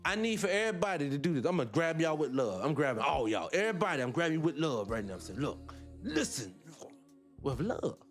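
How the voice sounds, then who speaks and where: Guy with a high voice doing a livestream rant, lots of rhetorical questions, faint music under it. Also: big pitch swings, very fast, few pauses. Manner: rhetorical questions, wry laughs. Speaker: livestream host. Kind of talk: casual livestream monologue.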